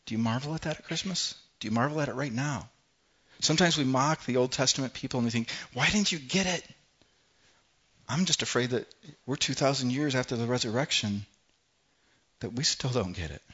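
A pastor preaches with passion, his voice sitting at an ordinary male pitch. He climbs loud when reading scripture and drops to a hush for prayerful lines. The recording sounds a little dull. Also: a little fast, breathy edge. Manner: impassioned, rising loud when reading scripture, then dropping soft. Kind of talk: sermon.

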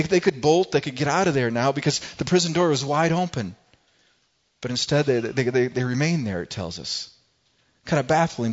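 A man preaching a sermon in an easy, conversational way, stumbling and restarting phrases as he thinks out loud. His voice sits at an ordinary pitch. The recording sounds a bit dull and lo-fi. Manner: conversational preaching with frequent restarts and acted-out quotes. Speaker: pastor.

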